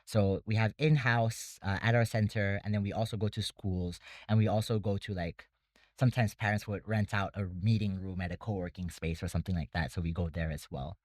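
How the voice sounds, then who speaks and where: A man's voice: on the low side, steady tone, a little fast, a little mellow, dry recording. A man who runs a debate academy, talking casually in an interview and explaining things step by step with many fillers. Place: Bangkok.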